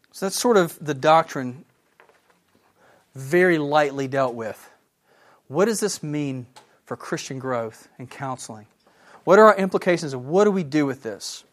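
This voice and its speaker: A man teaching a Bible lesson, enthusiastic and animated, asking his listeners questions. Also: a little high. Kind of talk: sermon.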